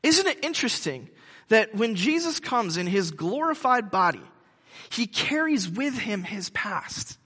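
Man preaching with bright, ringing voice. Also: sits high, very animated, slightly rough, in a large hall. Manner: conversational, halting with many restarts. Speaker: pastor. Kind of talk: sermon.

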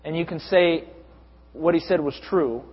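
A man's voice: a little high, measured pace, breathy edge. A young adult man preaching a sermon to a church congregation, often building to emphatic repeated lists. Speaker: pastor. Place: church hall. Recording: echoey hall, dull lo-fi sound.

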